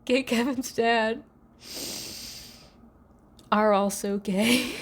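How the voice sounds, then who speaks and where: A woman hosting a podcast, recapping episodes in a sarcastic, animated storytelling way and slipping into mock voices for the characters. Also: on the high side, extremely slow. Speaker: podcast host.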